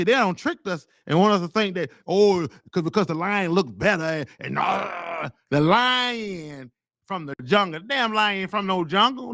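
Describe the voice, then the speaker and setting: A man's voice: sits high, vocal fry, a bit bright, no echo, clean studio sound. A man who leads a teachers' association, telling a story in a rambling, blunt, heated way and repeating words as he goes. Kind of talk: casual storytelling monologue.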